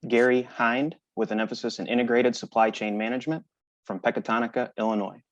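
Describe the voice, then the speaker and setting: A man presenting graduates at a ceremony, reading each name slowly and deliberately. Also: medium pitch, flat delivery, dry recording. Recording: dry, slightly dull sound.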